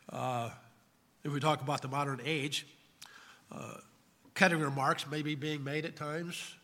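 Bright-voiced male pastor preaching. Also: fairly high pitch, in a large hall. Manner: emphatic, poses questions to the congregation. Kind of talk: sermon.

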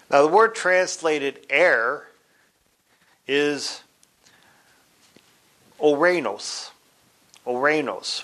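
With a medium-pitched, slightly bright voice, a man explains Bible passages carefully and deliberately, going so far as to spell words out letter by letter.

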